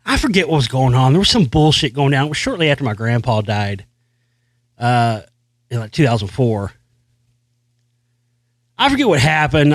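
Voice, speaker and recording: A man's voice: medium pitch, dry recording, clean studio sound. Brash cussing man ranting. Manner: brash, boastful, heavy swearing, repeats himself. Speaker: show host. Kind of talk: profane ranting monologue.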